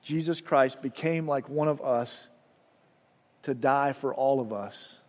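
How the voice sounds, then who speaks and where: A male pastor preaching a sermon, telling a story with soft, hushed passages and loud rises. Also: medium pitch, slow pace. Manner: storytelling, dropping soft for drama and rising loud. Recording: long hall reverb.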